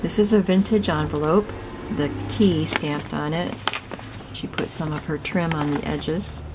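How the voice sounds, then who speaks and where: A woman casually narrating a show-and-tell of a handmade journal, soft, chatty and admiring as she thinks aloud. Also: low-pitched, fairly even intonation, measured pace, noisy background. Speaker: craft vlogger showing a gifted journal.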